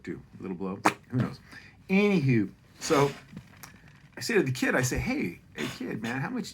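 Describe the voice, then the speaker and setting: A man's voice: mid-range voice, a little hiss or hum. A middle-aged man telling a holiday story in a rambling, profane, self-deprecating way, often drifting off on tangents.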